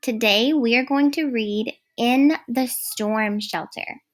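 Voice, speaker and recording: A woman teaching a recorded first grade phonics lesson, speaking clearly and praising often. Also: on the high side. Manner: slow, clear, encouraging teacher talk.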